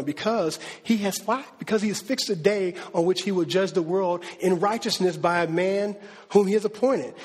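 Male pastor, high husky voice, lively conversational preaching, large reverberant hall. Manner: conversational, animated preaching with slang and acted quotes. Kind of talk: sermon. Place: church hall.

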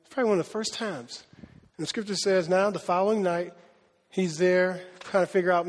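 A male preacher gives an animated, conversational sermon and laughs often. His voice sits high, and a long reverb fills the sanctuary. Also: fairly quick.

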